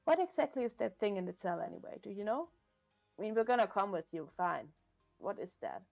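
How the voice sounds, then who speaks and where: A woman's voice: medium pitch, very animated, a little fast, gravelly, a little mellow, faint music behind. A woman playing in character at a tabletop game, talking bluntly and urgently with frequent swearing. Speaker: player.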